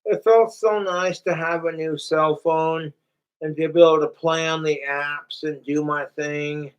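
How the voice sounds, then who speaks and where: Slow-talking profane man ranting. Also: a little high, steady tone, clear, resonant tone, dull audio. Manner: profane, rambling, venting. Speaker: vlogger. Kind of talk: rambling casual rant to camera.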